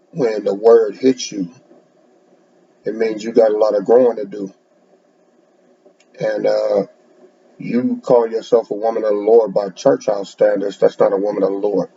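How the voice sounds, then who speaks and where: A man's voice: on the low side, creaky, warm tone, slight background noise. A man preaching bluntly, lecturing and repeating words as he speaks, in a dull lo-fi recording. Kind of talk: sermon to camera.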